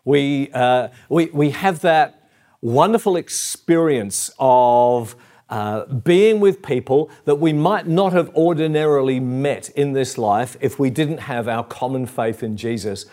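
A middle-aged Australian man giving a sermon in an earnest, conversational way. He stops for fillers and restates his key lines. His pitch sits at an ordinary male middle. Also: takes it slowly. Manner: earnest and warm, with fillers and repeated phrases. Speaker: pastor.

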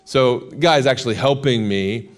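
An American man, a guest in an interview, telling a long story with lively quoted lines. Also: mid-range voice, moderate pace, faint music behind. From United States.

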